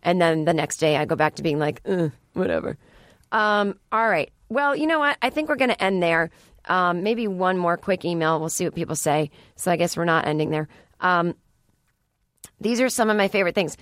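A woman's voice: lowish voice, expressive, brisk, a bit bright, dry recording. A woman hosting a podcast in a studio, chatting in a rambling way with sarcastic asides. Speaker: podcast host. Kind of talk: casual solo podcast chat. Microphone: studio microphone.

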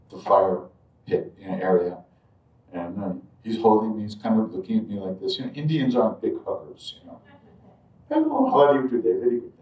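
A man telling a personal spiritual story to an audience in a reflective, halting way, with frequent asides. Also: on the low side, a little mellow. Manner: reflective, halting, many asides like "you know" and "right". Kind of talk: live storytelling talk to an audience. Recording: roomy echo, distant mic.

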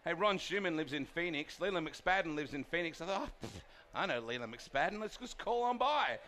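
A man's voice: a little high, expressive, brisk, sharp tone, slight background noise. A man with an Australian accent, a race announcer, telling stories in a laughing, casual chat. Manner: laughing storyteller.

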